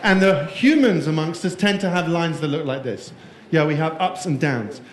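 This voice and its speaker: Speaking at normal speed with a slightly high voice, a keynote speaker keeps his conference talk playful and jokey. He quizzes the people in the room, and the space echoes.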